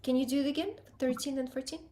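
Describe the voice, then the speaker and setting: A woman's voice: high voice, fairly even intonation, fast talker. A woman teaching piano, giving students encouraging feedback and singing out rhythms to show how passages go. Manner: encouraging, sings out rhythms to demonstrate. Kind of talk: online group piano lesson feedback.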